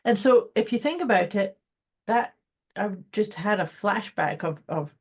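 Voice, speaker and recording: A woman's voice: medium pitch, expressive, measured pace, a little mellow, breathy edge. A woman co-hosting a podcast, speaking in a reflective, encouraging way. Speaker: podcast co-host. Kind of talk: casual chat.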